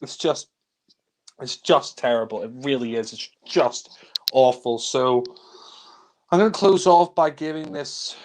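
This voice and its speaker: A man's voice: medium pitch, measured pace, pauses often. A young man ranting in exasperation about a film he hates, swearing often in a casual review chat.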